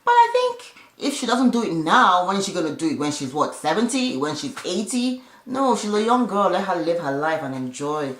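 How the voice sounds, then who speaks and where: A woman's voice: lowish voice, sing-song, moderate pace, few pauses. A woman giving a casual, chatty recap of a reality show, with opinionated asides along the way. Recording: echoey room.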